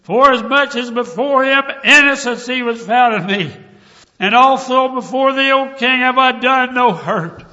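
Preacher reading a solemn prophet, bright raised voice, lo-fi hall reverb. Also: male voice, very high-pitched, a little slow, pitched above the performer's own voice, exaggerated voice. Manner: solemn, formal old-style phrasing. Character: calm faithful prophet answering from a pit. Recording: dull lo-fi recording, long hall reverb.

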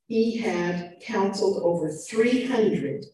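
A woman delivers a sermon with animated emphasis, rising and dropping in volume. Her voice sits at a middle pitch. It comes from a distance in a very echoey room. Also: slow. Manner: animated, shifting loud and soft emphasis. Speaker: preacher. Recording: echoey room, mic far off.

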